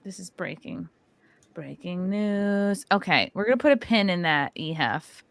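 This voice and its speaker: A woman's voice: on the low side, a little fast. A woman in her thirties hosting a podcast, reading viewer comments aloud and telling stories with a playful, laughing manner. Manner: playful, laughing, animated storytelling. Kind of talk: casual chat.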